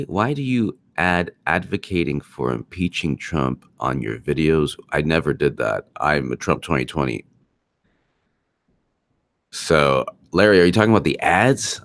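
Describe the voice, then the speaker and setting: A man with a low, deep voice runs a political live stream, speaking emphatically and often repeating his points. He stops to answer viewer comments. The sound is dry and close, with no room echo. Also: creaky, fairly bright tone. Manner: emphatic, repeats himself, reads super chats aloud.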